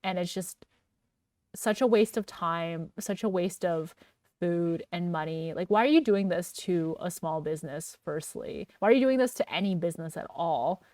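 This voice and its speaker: A young woman co-hosting a podcast in a chatty, casual way, full of "like" fillers and quick laughs. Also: fairly low pitch, a little mellow, no echo, distant mic. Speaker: podcast co-host. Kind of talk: casual chat.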